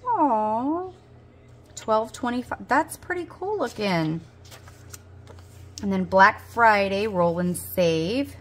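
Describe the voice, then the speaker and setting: A woman's voice: medium pitch, very animated, slow pace, long pauses, a little hiss or hum. A woman, chatting casually as she unboxes budgeting supplies, gasping and gushing. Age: 40s. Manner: gushing, gasps and squeals with delight. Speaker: budgeting video host.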